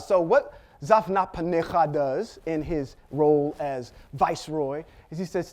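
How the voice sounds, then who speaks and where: A man teaching a Bible lesson, telling the story with animated delivery and acting out the characters' lines. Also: fairly high pitch, moderate pace. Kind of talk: sermon teaching.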